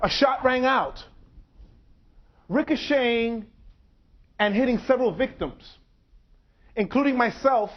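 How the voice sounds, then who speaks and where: A man in his forties delivers a public lecture in short, measured phrases broken by dramatic pauses. His voice sits fairly high. The recording is dull and lo-fi. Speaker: speaker.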